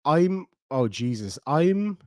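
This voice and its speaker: A middle-aged Irish man hosts a livestream, rambling and joking in a chatty way as he reads out viewer comments. His voice sits fairly high with big pitch swings, and he speaks slowly. The studio recording is clean, with no echo.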